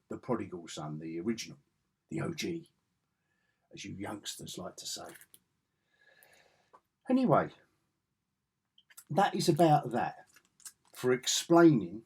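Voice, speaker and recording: A man's voice: medium pitch, a little mellow, husky. A middle-aged man vlogging a casual, rambling comic book review in a chatty, self-interrupting way.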